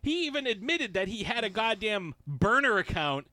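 Bright-voiced ranting sports podcast guy. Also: sits high, sing-song, normal speed, dry recording. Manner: profane, ranting, mimics heckling fans. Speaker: podcast co-host. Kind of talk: casual sports chat.

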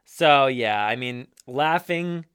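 A lively male podcast co-host with a bright, forceful tone and a pitch that swings all over the place. He jokes, swears and slips into silly voices in loose chat. The recording is dry and close, with no room sound. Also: slow pace, clean tone, no echo. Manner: animated, joking, swearing, bursts into silly voices. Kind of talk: casual chat.

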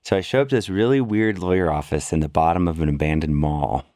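A man with a very low voice tells a story in a loose, casual way. He gets animated and pushes his pitch way up for quoted lines. The sound is dry and close. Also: fast talker, dry recording. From worked in San Francisco. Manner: animated storyteller, jumps high when quoting people. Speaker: podcast guest.

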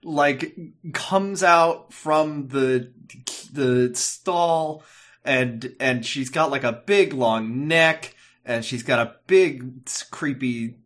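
A man's voice: mid-range voice, extremely slow, fairly bright tone. A man co-hosting a casual chat recap of a TV episode, joking and rambling with lots of fillers. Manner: jokey, rambling, with frequent fillers. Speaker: podcast co-host.

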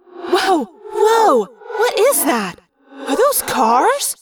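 A woman reading the part of an excitable teenage girl, voiced high and loud. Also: measured pace, background noise, heavily acted. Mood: startled. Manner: startled, exclaiming. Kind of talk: audiobook character reading.

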